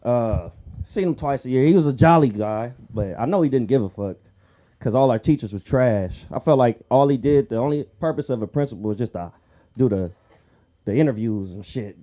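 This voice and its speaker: A man doing a crude stand-up set at an open mic, acting out characters in shrill voices. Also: lively intonation, a little fast, dark tone. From Southern California. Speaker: stand-up comedian. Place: comedy club stage.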